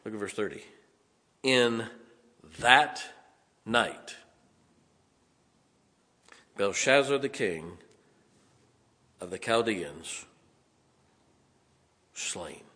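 A man preaching a sermon, animated and conversational, with dramatic emphasis and asides. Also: on the low side, very slow, long pauses, big-room sound.

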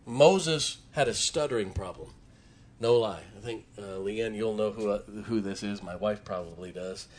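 A man's voice: lowish voice, normal speed, slight background noise. A middle-aged man, preaching a sermon in church in a folksy storytelling manner. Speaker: pastor.

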